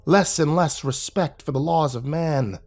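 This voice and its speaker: A man voicing an older rural man who tells grim local lore in a slow, folksy drawl. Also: on the high side. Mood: ominous.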